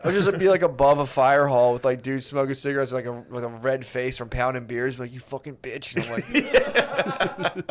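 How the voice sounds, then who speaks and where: A man on a comedy podcast drifts through a loose, rambling story, stopping and restarting and leaning on fillers. His voice sits at an ordinary middle pitch with nothing showy. It is casual, joking talk between friends. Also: moderate pace. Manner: rambling storytelling with many filler likes and dudes. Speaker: podcast co-host.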